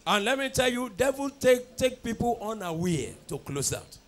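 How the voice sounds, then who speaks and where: A man's voice: extremely high pitch, very animated, normal speed. A man preaching a fervent sermon, leading chanted prayers with call and response in church. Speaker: pastor. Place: church at a night prayer service.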